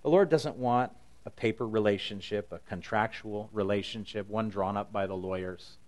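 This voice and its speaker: A man's voice: lowish voice, moderate pace, a little mellow. A middle-aged man preaching a sermon in an earnest, conversational way, paraphrasing scripture in his own words. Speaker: pastor.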